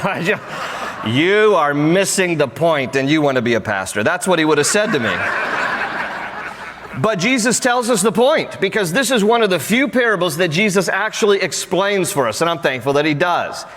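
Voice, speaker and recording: A male pastor preaching a sermon in a conversational, humorous way, with animated asides. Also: high voice. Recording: long hall reverb.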